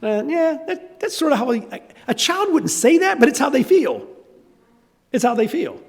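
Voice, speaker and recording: A man's voice: very high-pitched, moderate pace, in a large hall. An older man with a Southern US accent preaching a sermon, telling stories and acting out voices. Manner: animated storytelling, acting out voices. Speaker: pastor.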